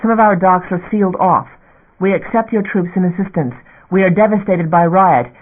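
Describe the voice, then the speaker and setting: A male narrator voicing a desperate station master who shouts and pleads under strain. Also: high-pitched, normal speed. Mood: pleading. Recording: narrow phone-like audio.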